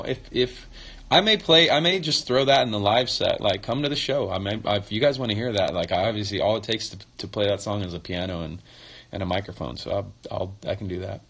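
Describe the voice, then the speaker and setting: A man's voice: fairly low pitch, fairly bright tone. A man in his forties casually answering fan questions on a phone livestream, loose and chatty with many fillers and restarts.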